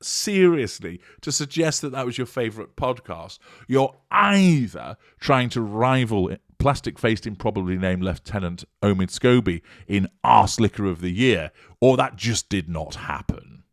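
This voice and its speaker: A man with a very low voice delivers scripted commentary, dripping with scorn and sarcasm. His voice is recorded close and dry, with no room sound. He reads out news lines and then picks them apart. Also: animated, a little slow, hardly any pauses, dry recording.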